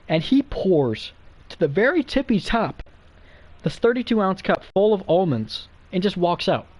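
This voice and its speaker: A man's voice: sits high, darkish tone. A young man streaming, telling stories in a rambling, profane way full of fillers. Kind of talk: casual live-stream chat. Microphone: streaming mic.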